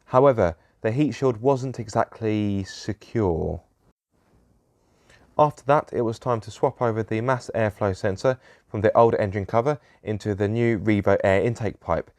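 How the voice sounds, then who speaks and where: Grumbling man, low and dry. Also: normal speed, darkish tone, dry recording. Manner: self-deprecating, grumbling complaints. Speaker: car vlogger. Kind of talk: casual DIY vlog narration.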